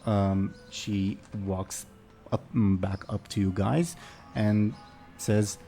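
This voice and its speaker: A man's voice: lowish voice, steady tone, slow, mellow, faint music behind. A man narrating as game master of a tabletop game, rambling and hesitant.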